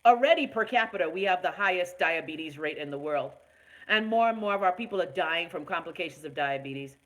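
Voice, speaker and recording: A woman's voice: on the low side, fairly quick, a bit bright, low-quality recording. Outspoken Bahamian woman hosting live. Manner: outspoken and profane, reacting to viewer comments. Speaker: host of a live online talk show. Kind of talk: casual live-stream rant.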